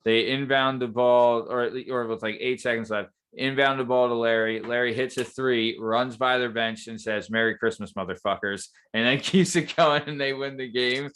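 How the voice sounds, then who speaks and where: A man of middle pitch co-hosts a relaxed podcast. He talks with excitement and swears freely as he trades stories. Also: normal speed, hardly any pauses, smooth. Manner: enthusiastic, swears often. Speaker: podcast co-host. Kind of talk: casual chat.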